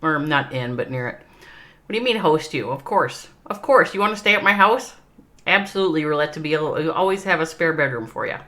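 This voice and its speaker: A woman's voice: sits low, expressive, quick pace, pushed and bright. A woman with a Minnesota accent casting an esports game on a livestream, chatting with her viewers and laughing often. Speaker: esports caster. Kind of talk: livestream game commentary and chat.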